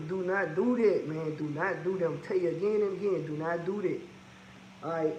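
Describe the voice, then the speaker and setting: A man's voice: high voice, moderate pace, a little mellow, roomy sound, lo-fi sound, slight background noise. A man who owns a trucking business, talking casually and bluntly about its costs, repeating his points for emphasis. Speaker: trucking business owner giving advice. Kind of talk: casual advice monologue.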